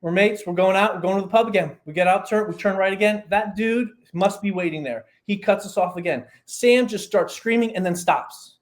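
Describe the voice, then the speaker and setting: A man's fairly high voice, for a male, rises and falls energetically as he tells a story on a casual podcast. He's a performance coach guest who scatters quick asides through his explanations.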